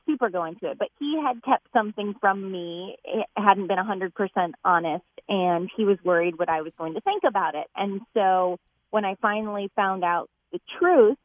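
A woman's voice: mid-range voice, no echo. A woman calling into a radio show, telling a personal story in a chatty way, laughing between words and saying "like" often. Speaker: caller. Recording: tinny phone line.

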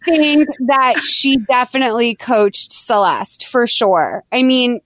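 A woman hosting a podcast, chatting casually as she retells a movie plot in an animated way. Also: on the high side, slow, slight background noise. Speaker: podcast host. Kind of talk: casual chat recapping a movie.

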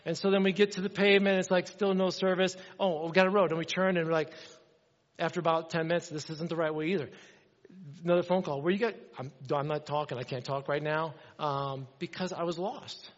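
High-voiced pastor in an echoing hall. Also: male voice, brisk. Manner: animated, acts out dialogue in his stories. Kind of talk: sermon storytelling. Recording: dull sound with long hall reverb.

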